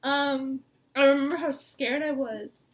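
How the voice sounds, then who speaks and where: A woman's voice: sits high, fairly even intonation, a little slow. A young woman in an emotional sit-down talk, rambling and laughing through tears. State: tearful. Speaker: co-host. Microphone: mic.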